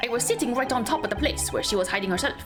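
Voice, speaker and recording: A woman voicing a kindly, gallant middle-aged Irish man in a game, with a put-on Irish accent and folksy, gentlemanly talk. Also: fairly high pitch, expressive, racing, natural voice. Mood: earnest. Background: game music.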